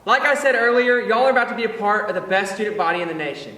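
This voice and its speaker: A young man, a yell leader, speaking upbeat and directly to new students to explain the rules. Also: sits high, expressive, fast talker. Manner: upbeat, direct speech to a crowd. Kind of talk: energetic instructional address. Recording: echoey hall, voice from far off.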